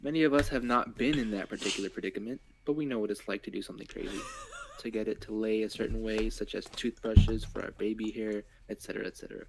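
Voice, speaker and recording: Male co-host, lowish voice, reads articles aloud, faint background hiss. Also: steady tone, fast. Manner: reads quotes aloud, offhand comments. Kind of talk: casual chat, reading news aloud.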